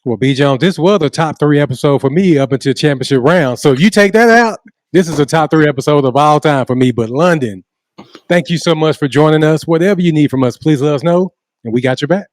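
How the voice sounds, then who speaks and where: A man co-hosting a sports interview show, brisk and friendly. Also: a little high, a little mellow, no room sound, clean studio sound. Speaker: podcast co-host.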